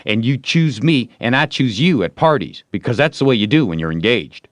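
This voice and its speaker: Guy doing a smitten little boy, pushy and coaxing, lively ups and downs, storybook reading. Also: mid-range voice, a little fast, no room sound, pitched above the performer's own voice, lightly acted. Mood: pleading. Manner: coaxing, boastful. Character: eager, smitten young boy Tom. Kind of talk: audiobook reading.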